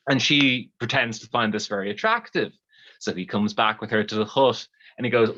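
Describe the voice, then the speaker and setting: An Irish storyteller spinning a bawdy comic tale in a loose, chatty way. The voice is bright and forward, and the livestream audio is a little dull. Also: mid-range voice, moderate pace. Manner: bawdy, lively and conversational.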